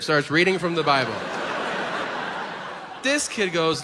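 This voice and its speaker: A man performing a crude, animated stand-up routine on stage, acting out the people in his stories. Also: fairly high pitch, a little fast, long pauses. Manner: animated, crude storytelling with acted-out quotes. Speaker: stand-up comedian. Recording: reverberant hall with ambient noise.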